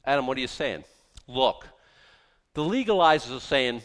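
Lively preacher man in an echoing hall. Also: medium pitch, moderate pace, long pauses. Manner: animated, mocking, rhetorical questions. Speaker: pastor. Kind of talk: sermon.

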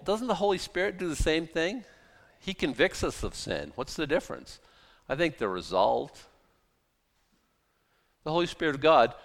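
A pastor preaching a sermon with animated, emphatic delivery, often repeating and restarting phrases as he builds to forceful points. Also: mid-range voice.

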